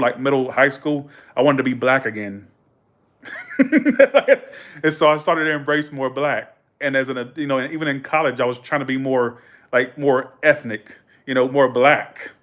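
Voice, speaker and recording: A man with a voice of ordinary pitch hosts his own livestream. He rambles in casual, slangy talk and laughs often. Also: normal speed, a bit bright. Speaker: livestream host.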